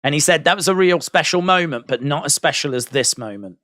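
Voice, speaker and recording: A man commentating casually over a live stream, chatty and quick to laugh at what he hears. His voice sits a little high, and the sound is dry and close to the mic. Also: expressive, a bit bright, no echo. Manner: chatty, reacting with laughs and asides. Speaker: host of a wrestling watch-along stream.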